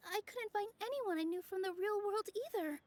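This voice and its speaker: A young woman voicing a gentle, cheerful young dancer in a game cutscene, soft, friendly and a bit apologetic. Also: very high-pitched, moderate pace.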